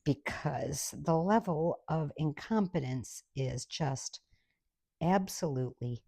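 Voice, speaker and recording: Low gravelly woman ranting sarcastically. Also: animated, slow, mellow, no echo, studio quality. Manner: exasperated, sarcastic. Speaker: comic storyteller. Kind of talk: comic rant monologue.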